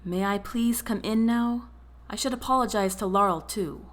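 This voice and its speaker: A man's voice: high-pitched, normal speed, fairly bright tone. A woman voicing an apologetic young man. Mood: pleading. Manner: pleading, solemn, hesitant.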